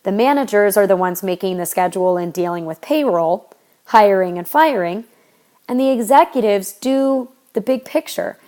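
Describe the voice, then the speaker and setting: A woman's voice: medium pitch, expressive, moderate pace, dark tone. A young adult woman teaching a history lesson, talking casually and explaining step by step with frequent fillers and restarts. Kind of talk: recorded history lecture.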